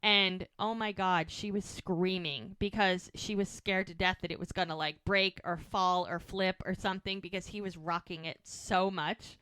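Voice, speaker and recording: A woman co-hosting a podcast, casually recapping a TV episode as an animated storyteller with chatty asides. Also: on the low side, normal speed, hardly any pauses, clean tone, no room sound. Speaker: podcast co-host.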